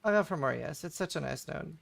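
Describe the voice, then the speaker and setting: A man's voice: on the high side, lively intonation, brisk, gravelly, fairly bright tone. A man live-streaming a game, chatting casually and answering his chat between plays.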